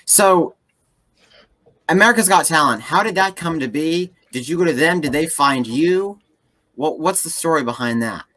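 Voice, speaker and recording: Bright-toned, eager interviewer. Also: mid-range voice, animated, moderate pace. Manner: eager, enthusiastic questioning. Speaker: interviewer, host. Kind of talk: casual interview.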